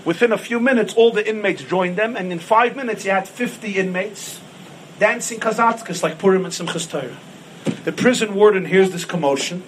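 Male rabbi, high-pitched, fervent sermon delivery with a faint hiss behind. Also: low-quality recording. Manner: impassioned, rising to shouts on key points. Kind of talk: sermon with storytelling.

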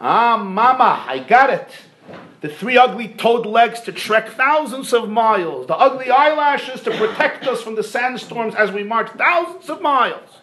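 A man's voice: very high-pitched, lively intonation, a little slow, sharp tone, slight background noise, full character voice. A man voicing a curious baby camel who questions its mother during a story in a sermon. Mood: indignant. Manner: questioning, builds to an indignant outburst.

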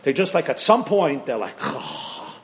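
Animated, high-pitched rabbi giving a sermon. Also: male voice, a little fast, noisy background. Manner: animated storytelling, rising and dropping sharply in pitch and volume; addresses the audience directly with questions.

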